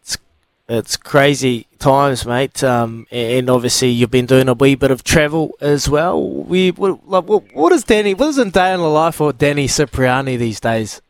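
A man's voice: mid-range voice, lively intonation, moderate pace, no echo. A man hosting a casual radio chat, matey and friendly, saying "mate" and "wee". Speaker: radio host, former rugby player. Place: radio studio.

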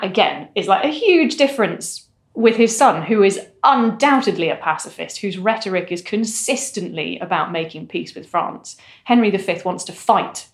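A woman discussing history in a casual, animated way, with occasional fillers. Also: medium pitch. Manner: animated, articulate, frequent fillers. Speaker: historian guest. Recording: roomy echo.

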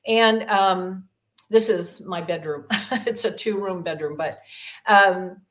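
A woman's voice: mid-range voice, slow pace, a bit bright. A woman guest telling a personal story in an interview, rambling with many fillers and acting out the voices she quotes. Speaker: podcast guest, demonologist.

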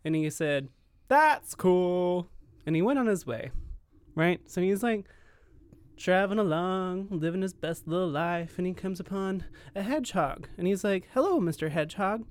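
A man's voice: high voice, moderate pace, smooth, no echo. A man in his twenties co-hosting a podcast, telling a story in a rambling, self-mocking way. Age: 20s. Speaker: podcast co-host. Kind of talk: casual chat.

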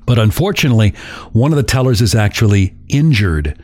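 A man's voice: on the low side, animated, brisk, a little mellow, no room sound. Man telling a story, dry sound. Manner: chuckles while telling a story. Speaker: podcast host. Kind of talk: casual storytelling.

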